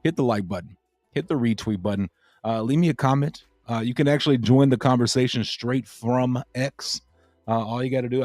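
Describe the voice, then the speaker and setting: A man's voice: medium pitch, brisk, darkish tone, dry recording. A man hosting a crypto livestream, chatting casually and rambling with lots of fillers and repeated phrases.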